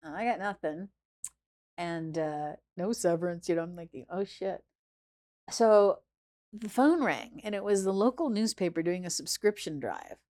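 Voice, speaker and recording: Animated woman telling a story. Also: on the low side, moderate pace. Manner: animated, acts out quoted voices, swings between hushed and loud. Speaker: chef and restaurant founder, guest. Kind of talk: casual interview storytelling.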